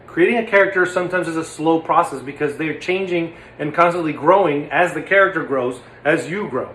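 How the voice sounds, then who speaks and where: A young man explains a craft casually and playfully. His voice sits high for a man. It rings in an echoey room with faint hiss. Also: brisk, hardly any pauses, a bit bright. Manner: playful, demonstrative, slips into silly voices. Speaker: puppeteer and teacher. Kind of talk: casual instructional talk.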